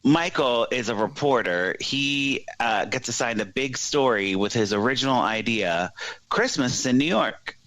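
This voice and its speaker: Animated man retelling a plot. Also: mid-range voice, unhurried, no echo, low-quality recording. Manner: animated storytelling with put-on voices for characters. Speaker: podcast co-host. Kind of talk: casual chat, plot recap.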